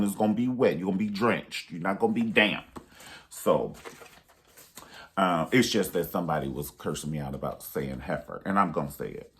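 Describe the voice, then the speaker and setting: A sassy man talks through a movie review in a loose, emphatic monologue. His voice sits very low, and he leans on repetition and playful pet names to drive his points home.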